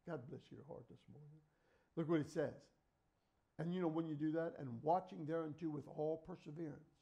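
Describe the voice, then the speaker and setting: A middle-aged male preacher, delivering a fervent sermon that swings between loud exhortation and quiet storytelling. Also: a little high, creaky. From United States.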